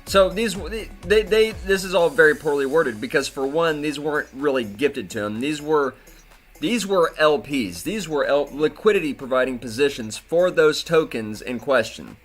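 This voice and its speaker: A man's voice: fairly high pitch, expressive, normal speed, soft background music. A man hosting a crypto commentary video, talking in an indignant, profane way and often repeating himself. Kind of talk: angry commentary rant.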